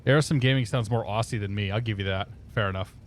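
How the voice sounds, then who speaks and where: A man's voice: lowish voice, fast talker, a little hiss or hum. A man chatting casually on a live stream, laughing often and talking through his cockpit steps. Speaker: flight sim streamer.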